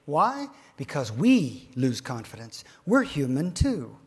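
Delivering a motivational keynote to financial advisors, this man has a slightly high, slightly rough voice with huge swings in pitch. He alternates loud emphasis with soft near-whispers and slows down to stress key phrases.

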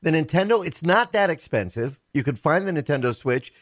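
A man's voice: a little high, animated, fairly quick, dry recording, clean studio sound. A man chatting casually on a podcast, rambling with filler words and restarts. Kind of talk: casual chat.

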